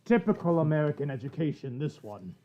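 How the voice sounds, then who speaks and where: A man's voice: on the high side, animated, fairly quick, highs cut off. A man co-hosting a casual livestream, teasing his host in a playful, mock-posh way. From lives in Canada. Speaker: co-host guest.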